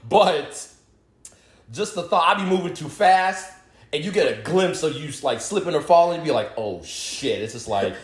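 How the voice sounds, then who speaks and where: A man's voice: fairly high pitch, lively intonation, moderate pace. A man in his thirties, co-hosting a podcast, riffing with jokes and laughter in casual chat. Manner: joking, exaggerated riffs with laughter. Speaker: podcast co-host. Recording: echoey room.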